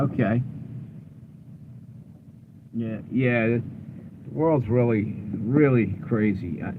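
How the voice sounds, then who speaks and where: A man from Delaware chatting casually with viewers during a live stream from his parked car, low-key and tired. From Delaware, USA. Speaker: livestream host. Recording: phone-like audio with clear road and car noise.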